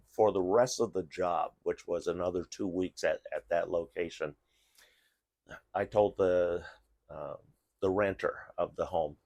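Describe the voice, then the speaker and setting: A man's voice: deep voice, a little mellow, dry recording. A middle-aged man casually telling a rambling story while giving tips, with frequent restarts and fillers. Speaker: vlogger giving dog safety tips.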